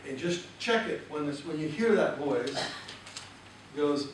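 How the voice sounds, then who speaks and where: A man speaking as a motivational seminar speaker in a lively way and asking the audience questions. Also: a little high, measured pace. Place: large hall with audience. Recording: echoey hall, distant mic, noisy.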